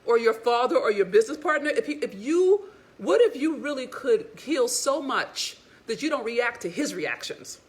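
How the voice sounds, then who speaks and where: A woman relationship coach giving a casual, animated, sassy motivational talk to women, frank and sometimes cursing. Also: a little high.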